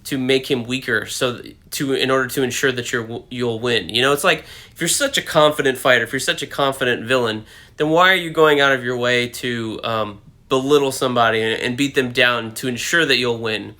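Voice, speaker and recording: A man's voice: mid-range voice, a little fast, bright, forceful tone. A man hosting his own comic book video channel, giving casual, rambling commentary full of fillers and self-corrections.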